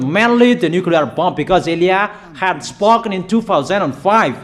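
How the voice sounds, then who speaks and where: A man's voice: sits high, animated, moderate pace, few pauses. A man delivering a prophetic sermon, making emphatic, repetitive proclamations in non-native English phrasing. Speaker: preacher.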